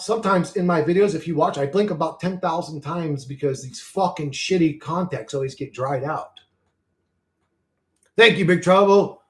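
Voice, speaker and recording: A man's voice: on the high side, normal speed. A man hosting a casual livestream, reading chat comments and ranting in a profane, heated, rambling way. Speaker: channel host reading live chat.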